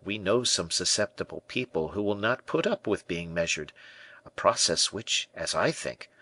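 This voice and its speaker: A man reading an audiobook, voicing a witty, observant playwright who explains things politely and smoothly. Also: low-pitched, animated, normal speed, bright, forceful tone, no echo, heavily acted. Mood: courteous.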